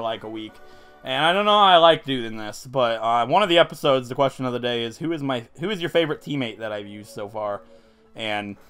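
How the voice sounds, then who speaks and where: A man giving casual gameplay commentary as a let's play host, joking and quick to outbursts. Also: mid-range voice, a bit bright.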